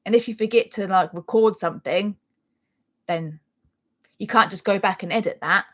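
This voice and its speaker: A chatty woman with a Norfolk accent, talking casually on a live stream. She rambles in a friendly, self-deprecating way and laughs between thoughts. Her pitch sits in an ordinary middle range. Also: normal speed. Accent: Norfolk English. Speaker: crochet channel host.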